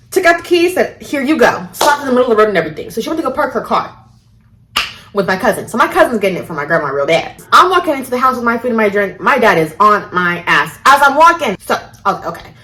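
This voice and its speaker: Woman, vlog storyteller; tense, bright tone, lively swinging pitch, cusses and acts out the quotes. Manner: animated, profane, acts out every quote. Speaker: vlogger.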